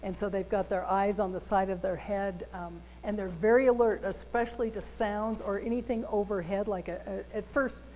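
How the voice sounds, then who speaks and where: A woman's voice: medium pitch, steady tone, moderate pace, few pauses, warm tone. A woman tells anecdotes conversationally in a mid-range voice. The room lends a long reverb, and a faint hum sits underneath. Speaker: co-presenter. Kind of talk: community talk, anecdotes. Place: public library meeting room.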